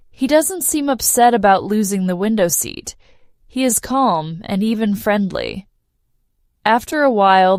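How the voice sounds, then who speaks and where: A woman narrating a simple first-person story for English learners, clear and measured. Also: mid-range voice, darkish tone, dry recording, clean studio sound. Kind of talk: slow read-aloud story for learners.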